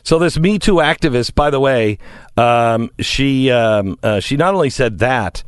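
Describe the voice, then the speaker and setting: A man's voice: medium pitch, animated, unhurried, clean tone, no room sound, studio quality. A man co-hosting a casual comedic news chat, reading out stories and riffing on them. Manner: reads news items, then riffs on them jokingly. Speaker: podcast co-host.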